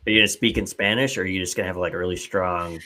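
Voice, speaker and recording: A man co-hosting a casual podcast chat with dry, deadpan jokes. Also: low-pitched, rapid-fire. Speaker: podcast co-host.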